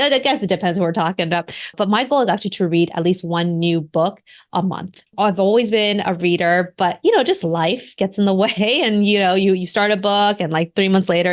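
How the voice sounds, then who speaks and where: A woman in her thirties, a communication coach and author, speaking as a podcast guest in an animated, emphatic way. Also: lowish voice. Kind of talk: podcast interview.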